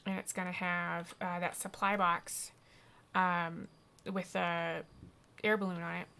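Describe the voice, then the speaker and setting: A woman's voice: lowish voice, level tone, unhurried, vocal fry, sharp tone, clear, resonant tone. A woman streaming a video game, giving chatty, rambling commentary full of ums. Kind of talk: casual gameplay commentary.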